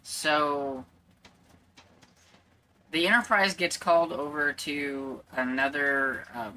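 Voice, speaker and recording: A woman's voice: sits low, slow, bright, forceful tone. A woman book vlogger chatting casually at home, rambling a little with plenty of fillers. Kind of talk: casual chat.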